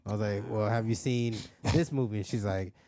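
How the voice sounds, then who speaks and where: Low, mellow-voiced laid-back man. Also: brisk, no room sound, studio quality. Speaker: podcast co-host. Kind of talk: casual chat.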